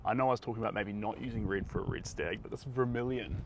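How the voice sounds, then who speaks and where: A man with a New Zealand accent paints on a live stream, chatting casually to viewers and rambling from one thought to the next. His voice is fairly low, fast and creaky, recorded outdoors with ambient noise and passing traffic.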